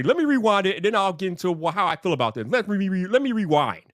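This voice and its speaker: A man's voice: high voice, big pitch swings, quick pace, few pauses, fairly bright tone, no echo, studio quality. A man hosting a casual livestream, greeting chat viewers by name and sounding exasperated. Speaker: livestream commentary host.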